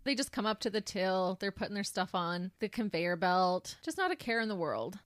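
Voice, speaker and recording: A woman's voice: mid-range voice, moderate pace, no room sound. Dry-voiced woman podcast host. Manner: tells the case in detail, animated when reacting. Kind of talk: true crime podcast chat.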